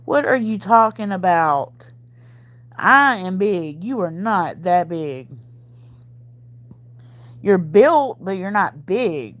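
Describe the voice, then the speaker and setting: A woman's voice: on the low side, animated, slow, pauses often. A woman with a Southern US accent hosts a casual livestream, chatting with viewers, calling them y'all and laughing often. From Mississippi, US. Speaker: livestream host reading chat. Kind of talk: casual chat.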